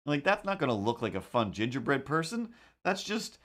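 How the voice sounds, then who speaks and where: A man hosting a livestream, chatting casually while he draws and telling rambling, animated stories with quick put-on voices. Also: mid-range voice. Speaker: livestream host. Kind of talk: casual chat while drawing.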